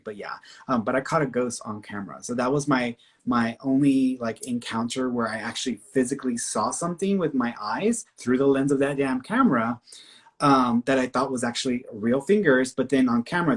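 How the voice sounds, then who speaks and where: A man hosting a psychic medium live stream, telling a personal story casually and animatedly, full of "like" and quick restarts. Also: slightly rough. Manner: animated storyteller who acts out quoted speech in a higher voice.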